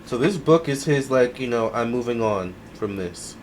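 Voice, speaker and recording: Man, tarot reader, mid-pitched voice, relaxed musing talk, faint room hum. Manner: musing, unhurried, many fillers. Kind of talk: casual tarot reading to camera.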